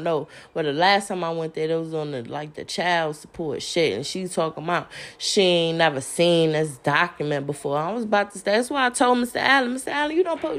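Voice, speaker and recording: A woman ranting on a podcast, profane and confrontational, laughing between jabs. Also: on the low side. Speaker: podcast host. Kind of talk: heated solo rant.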